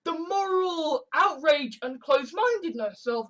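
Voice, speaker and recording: A man's voice: very high-pitched, unhurried, a bit bright. A man delivering an indignant, sarcastic, profane rant, often repeating and stumbling over his words. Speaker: online commentator. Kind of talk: ranting monologue compilation.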